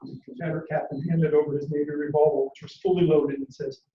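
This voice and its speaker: A man giving a motivational talk, telling a war story dramatically and acting out the shouted orders. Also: on the high side, steady tone, fast, vocal fry. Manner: dramatic, acts out quotes and shouts battle orders. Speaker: motivational speaker. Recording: echoey room, distant mic, dull lo-fi sound.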